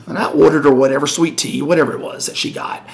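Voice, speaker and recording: A man's voice: fairly high pitch, steady tone, fast talker, gravelly. A middle-aged man co-hosting a podcast, telling a story in casual chat and animatedly acting out the voices of the people in it. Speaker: podcast co-host.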